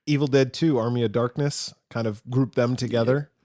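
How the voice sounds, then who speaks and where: A man co-hosting a podcast in easygoing chat, his voice sitting at a medium pitch. He tells rambling stories with a joking edge. The recording is dry and close, with no room sound. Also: steady tone, brisk, darkish tone, dry recording. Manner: rambling, jokey storyteller. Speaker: podcast co-host. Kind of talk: casual chat.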